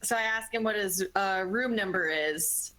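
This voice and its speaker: A woman's voice: medium pitch, normal speed, bright, forceful tone, rough recording. Casual woman playing a tabletop game. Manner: casual, hesitant, filler-heavy. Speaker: player. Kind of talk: tabletop role-play.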